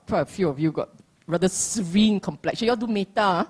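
A woman's voice: medium pitch, a little fast, a little mellow, slightly rough. A middle-aged woman giving a dharma talk, playful and teasing, laughing often. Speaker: dharma teacher.

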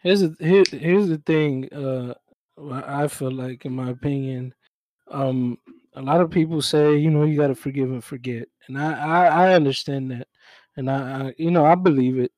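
A young man co-hosting a podcast in casual chat, talking in a measured, reflective way with frequent fillers. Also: mid-range voice, a little mellow, dry recording, poor audio. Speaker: podcast co-host.

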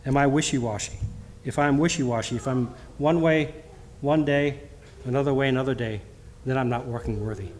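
A middle-aged man preaches a church sermon and mixes in personal testimony. His pitch is ordinary for a man and his delivery halts and restarts often. A faint noise sits behind him. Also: darkish tone. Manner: halting, with frequent restarts; reads scripture in King James wording. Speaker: lay preacher.

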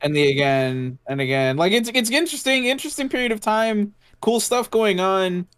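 Smooth-voiced man rambling in casual chat. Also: sits high, expressive, moderate pace, fairly bright tone, no room sound, clean studio sound. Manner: rambling, swears often, heavy use of "like". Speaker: podcast co-host.

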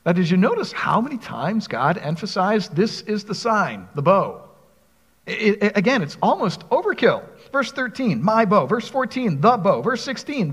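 A man's voice: high-pitched, husky, in a large hall. A man preaching a sermon, reading scripture aloud and putting questions to his listeners. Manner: expressive preaching, reads scripture aloud, asks the congregation questions. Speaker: pastor.

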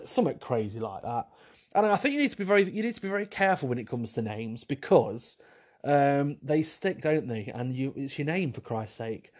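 A man hosts a solo podcast and chats loosely through listener questions. He talks at a middling pitch, wanders off track and trips over his own words. Now and then he makes a wry joke at his own expense. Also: darkish tone. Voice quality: rambling, repeats himself, wry self-mocking humour. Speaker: podcast host. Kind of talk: casual solo chat answering listener questions.

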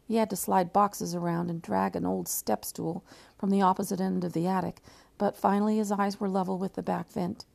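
A woman's voice: mid-range voice, creaky, warm tone. A woman teacher reading a novel aloud, with frequent slips and restarts.

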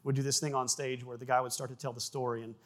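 A man preaching a sermon, animated, with frequent repeated words and acted-out sound effects in his stories. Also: mid-range voice, quick pace. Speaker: pastor.

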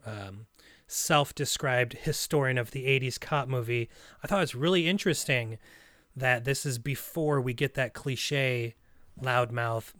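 A man's voice: mid-range voice, a bit bright, dry recording, clean studio sound. A man from Russia co-hosting a casual movie discussion, rambling and analytical, with many fillers and restarts. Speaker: podcast co-host, movie reviewer.

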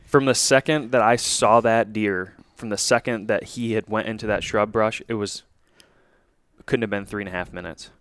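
A man's voice: lowish voice, fairly even intonation, normal speed, a bit bright, no echo, studio quality. A man co-hosting a hunting podcast, telling a hunting story in casual chat with lots of restarts and quoted dialogue. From Michigan.

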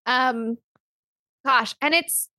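A woman co-hosting a film podcast, chatting in a loose, rambling way full of fillers. Her voice is fairly high, and the sound is close and dry. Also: drawn-out words, pushed and bright, dry recording. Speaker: podcast co-host. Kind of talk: casual chat.

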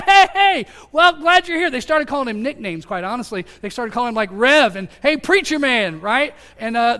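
A man preaching, telling an earnest personal testimony that swings between loud calls and hushed moments. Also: very high-pitched. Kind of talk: sermon testimony. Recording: long hall reverb.

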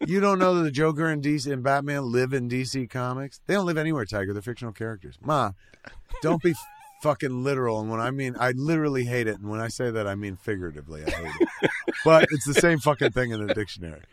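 A middle-aged man co-hosting a podcast, riffing in crude comic banter, profane and loud, slipping into mocking voices. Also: medium pitch, lively intonation, quick pace. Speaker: podcast co-host.

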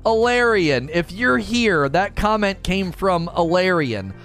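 A man's voice: high-pitched, sing-song, slow, a bit bright, faint music behind. A man in casual gaming chat as a YouTuber host, laughing often and repeating phrases.

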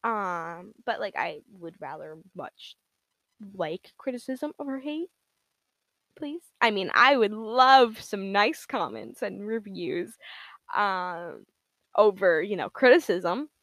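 A woman's voice: mid-range voice, expressive, slow pace, fairly bright tone, no echo. Giggly rambling young woman podcaster. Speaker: podcast host. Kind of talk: casual solo podcast monologue.

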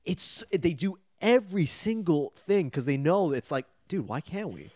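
A man's voice: a little high, moderate pace, no echo, clean studio sound. A young man hosting a podcast, retelling and praising eagerly in casual chat. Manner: enthusiastic, animated retelling. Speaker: podcast host.

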